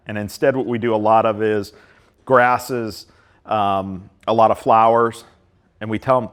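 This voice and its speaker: A man's voice: on the low side, fairly even intonation, measured pace, smooth. A man in his fifties from Ohio, a park system director giving a plain-spoken leadership talk to a live audience, often acting out dialogue.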